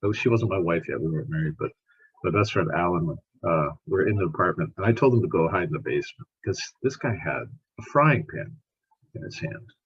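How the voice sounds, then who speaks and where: A male scientist tells stories on a podcast in a lively, repetitive way. His voice is low and very husky, rising and falling a lot. The audio sounds muffled. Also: brisk. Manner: animated, repeats words while telling stories. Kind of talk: storytelling in conversation.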